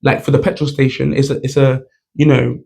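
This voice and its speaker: A man's voice: mid-range voice, flat delivery, brisk, gravelly, dark tone. A man, telling a personal story to camera in a casual, chatty way, full of "like" and "you know". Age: 20s. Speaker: vlogger.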